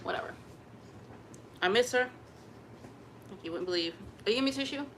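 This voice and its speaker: A woman chatting casually to camera at home, expressive and open about her feelings. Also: a little high, fairly quick, a little hiss or hum. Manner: chatty and emotionally expressive, breaks into gospel singing. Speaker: vlogger.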